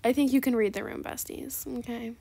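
A woman giving chatty, sarcastic commentary over a trading game, gushing with gasps and dropping into soft asides. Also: a little high, fairly even intonation, a little fast. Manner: chatty, calls viewers "besties". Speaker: gaming video creator. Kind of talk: casual gameplay commentary.

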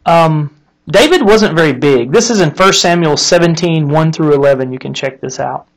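A man hosting a casual faith talk, telling an illustration with lively acted-out characters and then drawing the lesson from it. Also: fairly high pitch, normal speed, rough recording. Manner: animated storyteller, acts out the characters in the story. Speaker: host of a live Christian talk stream.

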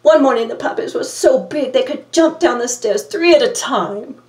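In a high, slightly mellow voice, a woman camps it up as a vain villainess reading a storybook, theatrical and full of self-admiration. She is expressive and speaks at normal speed. The sound is roomy and far from the mic.

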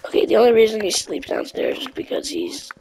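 Gravelly young woman, half-whispering. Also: a little high, wildly swooping pitch, fairly quick, darkish tone, a little hiss or hum, rough recording. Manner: often drops to a whisper, apologetic and rambling. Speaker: gamer playing with a friend. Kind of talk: casual gaming chat.

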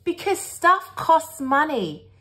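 A woman voicing a patient, gently firm mother dog in a read-aloud storybook. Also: sits high, very animated, takes it slowly, voice pushed up, exaggerated voice.

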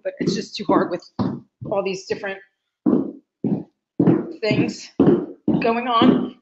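A woman reviewing candy on a livestream, animated and exaggerated as she talks straight to her viewers. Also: medium pitch, slow, long pauses. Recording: dull lo-fi livestream audio.

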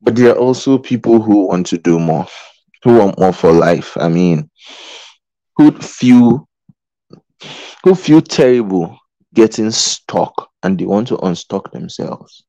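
A man with a low voice gives a live motivational talk. He speaks earnestly and pleadingly, repeating key phrases and asking "okay?" as he goes. His tone is mellow and warm, and the recording is dry and close. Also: lively intonation, slow pace, pauses often, no room sound, lo-fi sound. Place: in Qatar.

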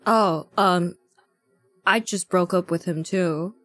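A woman's voice: fairly low pitch, slow, fairly bright tone, no room sound. A woman streamer chatting casually and playfully, often laughing between lines. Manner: giggly, playful banter. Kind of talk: casual chat.

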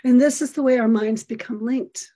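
A middle-aged woman giving an earnest, expressive storytelling talk, acting out the lines of the people in it. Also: fairly high pitch, normal speed.

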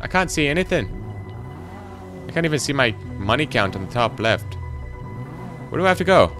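A teenage boy giving rambling, excitable commentary while playing a video game. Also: medium pitch, a little fast, soft background music. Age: teens. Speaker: gaming channel host. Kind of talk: gameplay commentary.

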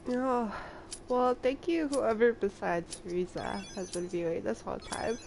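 A young woman streaming a game live, sick and congested, chatting casually and getting excitable when surprised. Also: mid-range voice, a little slow, a little hiss or hum. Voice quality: gravelly.

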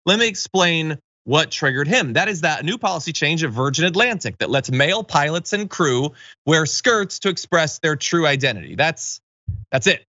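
A man's voice: on the high side, lively intonation, normal speed, sharp tone, no echo, highs cut off. A man hosting a political commentary show, delivering opinionated, mocking takes with sarcastic asides.

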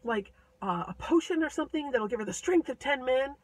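A woman's voice: sits high, expressive, a little fast, rough recording. A woman voicing a magical talking reindeer that pleads for help, in a casual storytelling tone. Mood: pleading.

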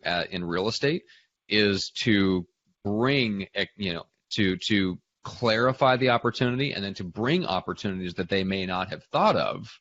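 A man's voice: deep voice, a bit bright, no echo, dull audio. A man co-hosting a podcast, talking in casual business chat, agreeable and thoughtful. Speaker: podcast co-host.

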